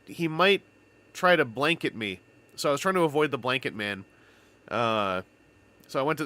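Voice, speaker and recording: Canadian guy streaming, rambling funny stories, pitch jumping all over, dry close mic. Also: no echo. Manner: rambling, animated storytelling with playful wordplay. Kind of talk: casual live-stream chat.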